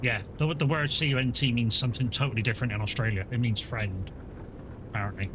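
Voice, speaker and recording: A chatty man streaming a truck game, rambling from thought to thought at an ordinary middle pitch and laughing often. A steady engine rumble runs clearly under his voice throughout. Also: fast talker. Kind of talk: casual live-stream chat.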